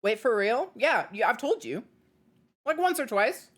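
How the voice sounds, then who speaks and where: A woman talking casually to her live stream chat, her pitch bouncing all over as she rambles. She interrupts herself often and leans on fillers. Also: unhurried, husky. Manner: rambling, animated, self-interrupting with many fillers.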